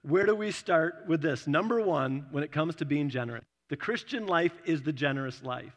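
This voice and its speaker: Conversational pastor preaching in a reverberant hall. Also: male voice, on the high side, lively intonation. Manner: conversational, acts out quick voices in his stories. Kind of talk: sermon.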